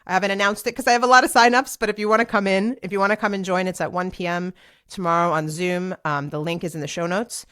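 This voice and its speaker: A woman in her forties hosting a casual solo podcast, talking in an animated, chatty way with lots of fillers and restarts. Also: medium pitch, quick pace, clear, resonant tone. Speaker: podcast host and DJ. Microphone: speaking to a camera for a video podcast.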